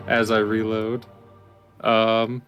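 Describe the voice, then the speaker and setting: Low-voiced man playing a tabletop game. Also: drawn-out words, soft background music. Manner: relaxed, stating actions plainly. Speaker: player. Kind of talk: casual tabletop game chat.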